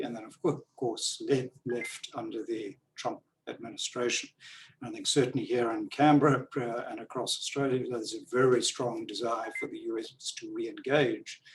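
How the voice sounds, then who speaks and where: A man moderating a webinar panel over a video call, speaking in a measured way with frequent fillers and restarts. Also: mid-range voice, distant mic. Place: Canberra, Australia.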